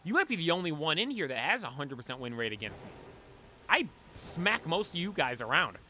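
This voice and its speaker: Chatty male streamer, bright voice. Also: fairly high pitch, big pitch swings, a little fast. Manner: rambling, talks to chat. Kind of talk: casual live-stream chat. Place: cold room at home.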